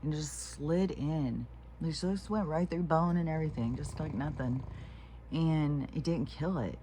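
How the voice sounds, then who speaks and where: A woman's voice: low voice, a little slow, mellow, a little hiss or hum. A woman talking to camera in a meandering, frank monologue, swearing freely and often restarting her sentences. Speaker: vlogger. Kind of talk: rambling casual monologue.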